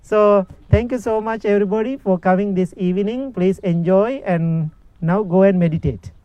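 High-voiced Sri Lankan monk. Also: male voice, normal speed, dry recording, muffled recording. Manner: simple, repetitive phrasing with non-native grammar; gentle, instructive, asks listeners for agreement. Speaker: Buddhist monk and meditation teacher. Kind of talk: evening dharma talk.

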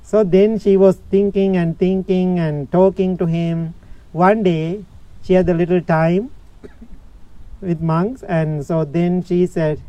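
A man giving a Buddhist dharma talk, telling a story in simple, slow phrases and often asking his listeners questions. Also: sits high, fairly even intonation, dry recording, highs cut off. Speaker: Buddhist teacher.

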